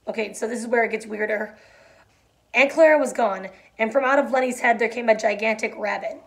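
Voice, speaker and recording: A woman's voice: on the high side, brisk. A woman reading a novel aloud and explaining it casually, with many fillers.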